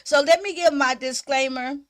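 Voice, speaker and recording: A woman hosting a casual livestream, chatting with viewers in a giggly, animated way. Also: high voice, moderate pace, no echo. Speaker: livestream host. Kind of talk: casual live-stream chat.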